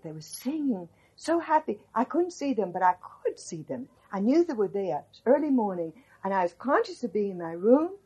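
A woman's voice: medium pitch, breathy edge. An older woman animatedly recalling a story in an interview, acting out what people said. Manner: animated, quotes people, restarts often. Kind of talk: storytelling reminiscence.

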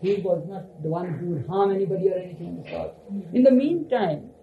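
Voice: mid-range voice, brisk, gravelly. An earnest speaker telling a spiritual parable, often repeating phrases for emphasis. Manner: repetitive, earnest storytelling. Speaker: storyteller. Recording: dull lo-fi recording with faint hiss.

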